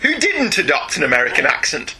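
A man's voice: on the high side, huge pitch swings, a little fast, bright, forceful tone, rough recording. A British man hosting a podcast in casual, jokey chat, laughing often. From Britain. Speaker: podcast host.

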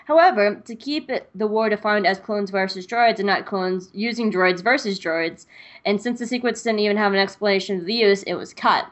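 A woman's voice: medium pitch, a little fast. Chatty woman podcast co-host. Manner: chatty, laughs easily, reads recaps aloud. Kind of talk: casual chat and episode recap.

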